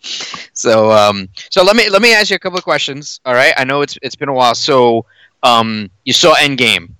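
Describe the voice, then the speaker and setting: A man co-hosting a podcast, telling stories excitably and swearing freely in casual chat. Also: mid-range voice, normal speed, smooth, dry recording. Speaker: podcast co-host.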